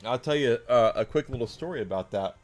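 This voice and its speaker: A man's voice: medium pitch, animated, a little fast, faint music behind. A man in his forties chatting casually and outspokenly as a streamer, rambling with many fillers. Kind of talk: casual chat while gaming.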